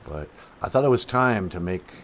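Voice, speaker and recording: Man doing a deadpan prank caller, low voice, rambling, lively pitch, faint hiss. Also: moderate pace. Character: male caller posing as a movie star. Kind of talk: comedy phone-in bit.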